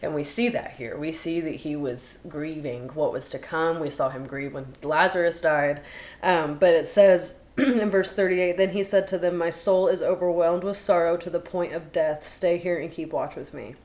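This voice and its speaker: A woman with a notably low voice talks through scripture in a relaxed, chatty way. She retells the passages in her own words as a podcast co-host. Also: moderate pace. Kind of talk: casual Bible study chat.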